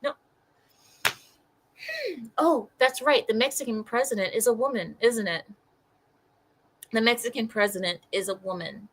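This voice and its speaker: A woman's voice: on the high side, unhurried, long pauses, low-quality recording. A woman reacting to the news as a commentator, exasperated and mocking, often repeating herself. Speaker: political commentator.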